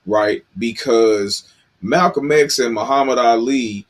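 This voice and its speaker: A man on a talk show panel who speaks in a measured way, with pauses and fillers, and asks clarifying questions. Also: mid-range voice. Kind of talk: casual discussion.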